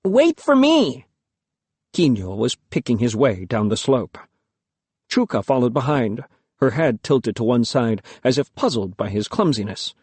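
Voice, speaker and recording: A man reading a first-person novel aloud in a lyrical, measured storytelling manner. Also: medium pitch, animated, a little mellow, breathy edge, dry recording. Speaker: audiobook narrator. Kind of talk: first-person audiobook narration.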